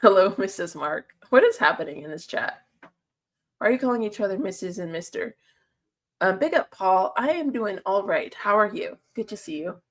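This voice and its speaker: A chatty woman talking casually to her livestream chat. She reads out messages, answers them and laughs often, at an easy middle pitch. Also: lively intonation, normal speed.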